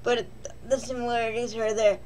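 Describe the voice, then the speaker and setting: A woman's voice: fairly high pitch, flat delivery, brisk, darkish tone. A woman vlogger casually recapping a film in a rambling, joking, self-deprecating way.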